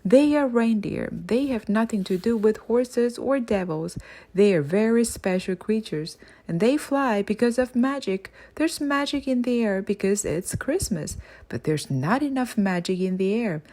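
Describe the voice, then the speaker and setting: A woman reading aloud as Father Christmas, gentle and patient as she explains. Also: a little high, lively intonation, unhurried. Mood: earnest. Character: kindly earnest Father Christmas, old man. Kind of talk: audiobook character voice.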